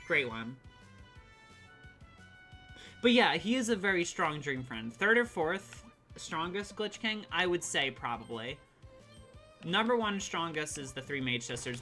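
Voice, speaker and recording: A woman streaming a game, chatting casually and excitedly with her chat and swearing now and then. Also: low-pitched. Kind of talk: casual live-stream chat while gaming.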